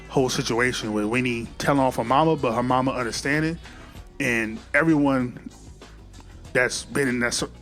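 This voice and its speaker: A man's voice: mid-range voice, a bit bright. A man recapping a movie in a casual, slangy way, acting out the characters' lines as he tells the story.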